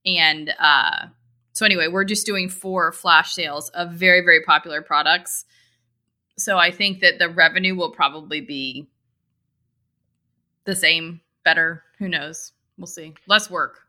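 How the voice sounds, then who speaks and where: A woman's voice: on the low side, steady tone, measured pace, pushed and bright. A woman co-hosting a casual business chat, talking loosely with many fillers and restarts. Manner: chatty, lots of fillers and restarts. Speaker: e-commerce marketer and co-host.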